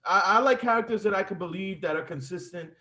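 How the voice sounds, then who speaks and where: Guy on a call giving notes, kinda hesitant, high voice. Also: fast, sharp tone. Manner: hesitant, searching for words. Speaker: wrestling student. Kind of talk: casual feedback.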